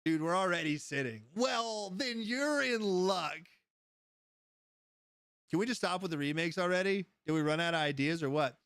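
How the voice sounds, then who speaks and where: In a dry room, a male streamer with a somewhat high, fairly bright, clear, and resonant voice chats casually on his live stream. His energy is high as he tells rambling stories quickly with few pauses, laughing a lot, answering chat, and slightly raising his voice.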